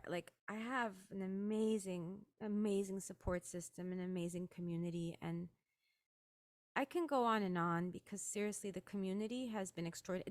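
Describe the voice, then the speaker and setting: A young adult woman telling a personal story of loss in an interview, halting, with many restarts and "like"s. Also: mid-range voice. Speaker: guest. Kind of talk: emotional personal account in conversation.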